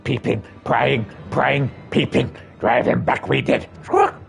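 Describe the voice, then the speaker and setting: A man doing a squawking gravelly birdman. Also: medium pitch, steady tone, slow, faint music behind. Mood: agitated. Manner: squawks and backwards word order. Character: squawking male birdman tribesman, proud, excitable. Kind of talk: reading game dialogue aloud.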